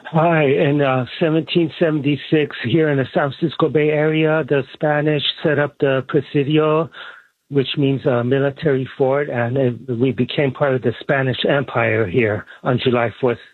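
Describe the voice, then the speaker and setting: A man's voice: mid-range voice, steady tone, normal speed, husky, no echo. A man calling in to a radio talk show, rambling with many fillers and restarts. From Iran. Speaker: caller. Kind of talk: phone-in call on talk radio. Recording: tinny phone line.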